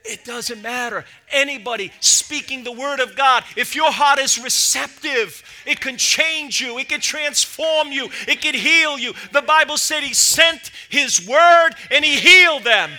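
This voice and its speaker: High, bright-voiced impassioned male pastor. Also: unhurried, few pauses. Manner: impassioned, rising to shouts and dropping to low asides. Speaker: lead pastor. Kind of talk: sermon.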